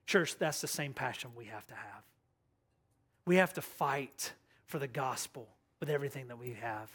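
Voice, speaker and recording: Passionate young male pastor preaching. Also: on the high side. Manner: passionate preaching, drops to a hushed voice for the story and prayer. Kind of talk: sermon.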